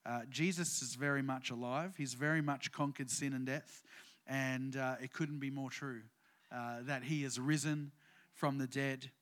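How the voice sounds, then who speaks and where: A man's voice: medium pitch, fairly even intonation, unhurried, fairly bright tone. A man, preaching a sermon as pastor in a conversational way with many fillers, building to emphatic points.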